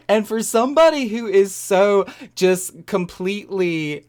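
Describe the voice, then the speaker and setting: A game streamer chatting casually with live viewers, animated and quick to laugh, who trails off and repeats words while searching for them. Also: mid-range voice. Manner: animated, excitable, laughs often.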